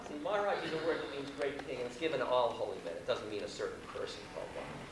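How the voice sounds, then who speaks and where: A man's voice: a little high, racing, few pauses. A man, telling a wry, self-mocking story to an audience at a university hall. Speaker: spiritual teacher. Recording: roomy live hall recording from far off, noisy.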